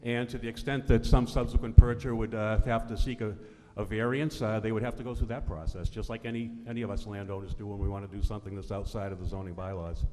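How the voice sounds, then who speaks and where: A man's voice: on the low side, steady tone, fast talker, darkish tone. A man speaking as a town official, explaining a matter hesitantly with frequent fillers. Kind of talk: explaining at a public meeting. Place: large town meeting hall. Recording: echoey hall, faint room noise.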